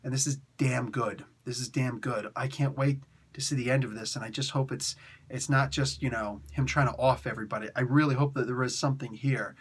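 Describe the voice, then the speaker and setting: A man giving an excitable, slangy comic book review, laughing often and dropping into quick impressions. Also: mid-range voice, breathy edge. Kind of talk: animated comic review rant.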